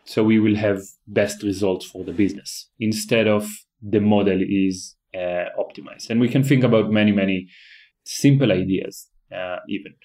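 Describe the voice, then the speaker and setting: Low-voiced man explaining, halting. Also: fairly even intonation, darkish tone. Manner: halting, repeats words, explanatory. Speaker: guest, AI company founder. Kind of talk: technical interview talk.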